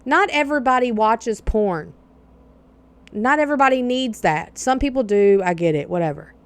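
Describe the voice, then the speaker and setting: A woman's voice: on the high side, animated, normal speed. A woman hosting a podcast, telling a personal story in a blunt, candid way with plenty of swearing. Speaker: podcast host.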